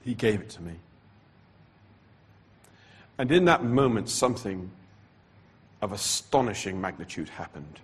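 A man with a husky, slightly rough voice tells his personal testimony from the pulpit. He talks slowly and deliberately, letting pauses carry the weight of the story. A frequent cough interrupts him. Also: fairly low pitch, animated. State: coughing repeatedly. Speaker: preacher giving his testimony.

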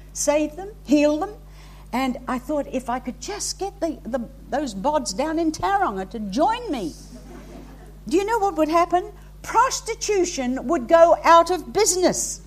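High-voiced woman preaching fervently. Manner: impassioned, exhorting, rising to emphatic peaks. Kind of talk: sermon. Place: hall with a congregation.

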